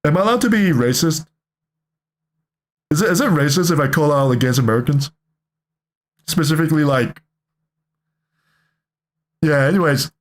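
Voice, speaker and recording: With a fairly high voice at normal speed, this young reaction streamer jokes and rambles loosely, often correcting himself partway through a sentence. Long pauses break up his talk.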